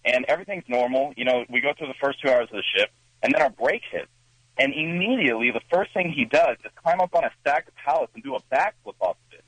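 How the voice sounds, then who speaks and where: A male caller on a radio show, mid-pitched and heard dry and close. He rambles through his story with plenty of "like." He sounds amused by what he is describing. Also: expressive, fast talker, a bit bright, slightly rough, no room sound, low-quality recording. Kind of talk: casual phone-in anecdote.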